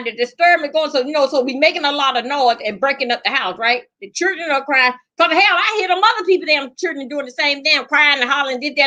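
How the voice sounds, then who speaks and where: A middle-aged woman telling a comic personal story in a loud, salty, emphatic way, repeating phrases for effect. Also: high-pitched.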